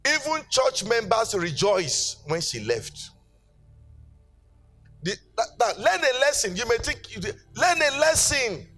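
A man's voice: very high voice, very animated, slow, a bit bright, soft background music. A middle-aged man preaching a sermon as pastor, telling stories with energy and calling out to his congregation in rising, sing-song exhortations. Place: church.

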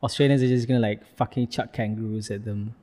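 A young Malaysian-English-accented man co-hosting a casual podcast, jokey and quick to swear. His voice is mid-pitched, with a long reverb tail around it. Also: steady tone, a crowd in the background. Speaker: podcast co-host. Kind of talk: casual chat.

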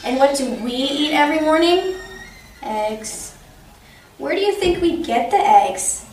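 A woman's voice: high voice, expressive, measured pace, darkish tone, slight background noise, pitched above the performer's own voice. A woman voicing a bossy, teasing older sister in a read-aloud storybook, in a mock-serious tone, recorded in an echoey room from a distance.

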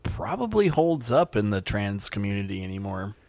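A man's voice: on the low side, sing-song, a little mellow, dry recording. A man co-hosting a podcast, chatting casually and laughing along with the others. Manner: laid-back, laughs along, quick agreeing replies. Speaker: podcast co-host. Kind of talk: casual chat.

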